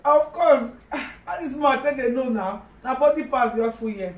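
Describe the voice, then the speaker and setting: A woman's voice: sits high, normal speed, darkish tone. A woman with a Nigerian accent hosts a casual eating-show vlog. She teases, laughs often and slips into pidgin. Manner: playful, laughs often, teasing, mixes in pidgin. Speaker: vlog host. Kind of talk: casual mukbang chat. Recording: roomy sound from a distant mic.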